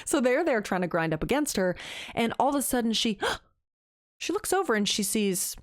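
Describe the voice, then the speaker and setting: A woman's voice: fairly high pitch, big pitch swings, normal speed, no echo, studio quality. A young woman co-hosting a podcast, recapping a book in casual, slangy chat and acting out the characters' lines. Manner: chatty, slangy, acts out quotes. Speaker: podcast co-host.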